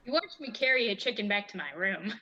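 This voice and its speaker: A woman's voice: medium pitch, animated, fast talker, bright, forceful tone, lo-fi sound. A woman playing a tabletop game, playful and giggly. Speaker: player. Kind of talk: casual tabletop play.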